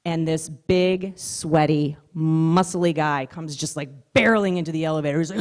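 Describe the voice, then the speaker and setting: A woman comic on stage with a slightly low voice, telling stories in a chatty, lively way. She speeds up and slows down to land her jokes. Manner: conversational, animated storytelling. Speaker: stand-up comedian. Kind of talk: stand-up comedy set. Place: stage at a live comedy showcase.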